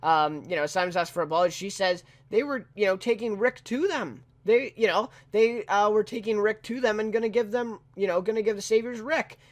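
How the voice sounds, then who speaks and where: A man's voice: high voice, a little fast, hardly any pauses. A man casually reviewing a TV episode, rambling with lots of fillers and tag questions, and chuckling now and then. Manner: chuckles often while talking.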